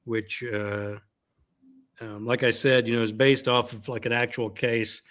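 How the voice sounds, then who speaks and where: A man's voice: mid-range voice, flat delivery, unhurried, a bit bright. Rambling man reading his novel aloud. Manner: rambling, frequent "like that" and fillers. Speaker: guest author.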